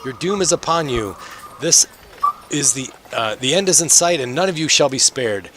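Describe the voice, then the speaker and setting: A man voicing a hoarse, ranting street prophet who proclaims doom with a cracking voice. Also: mid-range voice, expressive, pitched above the performer's own voice, natural voice. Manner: proclaiming, dramatic, drawn-out. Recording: noisy home mic.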